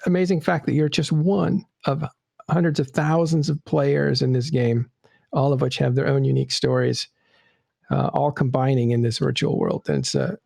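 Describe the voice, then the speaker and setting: A man hosting a casual interview show, talking in a halting way with many fillers. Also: mid-range voice, fairly even intonation, creaky, darkish tone, dry recording, studio quality. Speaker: podcast host.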